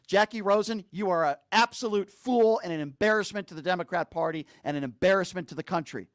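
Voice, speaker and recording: A man's voice: high-pitched, quick pace, no room sound, studio quality. A man giving an angry political commentary, hammering his points with repeated rhetorical questions. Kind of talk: angry political rant to camera. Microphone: streaming mic.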